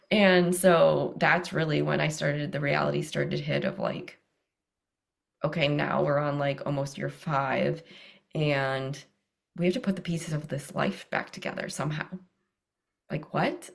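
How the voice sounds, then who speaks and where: A woman in her thirties telling her story as an interview guest, animated and laughing often, jumping up in pitch when she quotes herself and others. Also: creaky. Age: 30s.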